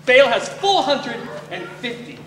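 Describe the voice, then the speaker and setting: A lively, fairly high voice delivers a playful comic church skit, hamming up loud taunts. It sounds distant and echoey, with steady hiss behind it, as if caught from across a big hall. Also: male voice, measured pace, a crowd in the background. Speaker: actor playing a prophet in a church skit. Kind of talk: comic stage reenactment. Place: large church hall with audience. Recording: echoey hall, far from mic, noisy.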